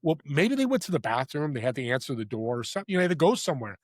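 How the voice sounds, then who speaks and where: An enthusiastic man telling stories as a podcast guest. His voice sits a bit high and the sound is dry and close. He talks with emphatic energy and lots of asides. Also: sing-song, racing, no echo. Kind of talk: casual interview chat.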